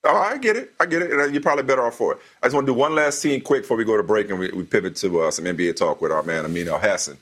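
A man hosting a sports talk show, debating with his co-host in a casual, animated way, often repeating himself as he talks. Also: fairly low pitch, very fast, hardly any pauses, breathy edge.

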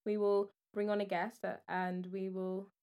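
A woman's voice: medium pitch, flat delivery, unhurried, smooth, highs cut off. A young woman co-hosting a podcast, bubbly and giggly in casual chat. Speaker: podcast co-host.

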